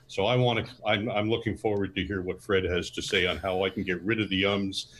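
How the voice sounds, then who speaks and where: Participant, man, lowish pitch, chatty and self-mocking, casual video call. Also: steady tone, fairly quick, fairly bright tone, slight background noise. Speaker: meeting participant. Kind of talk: casual group video chat.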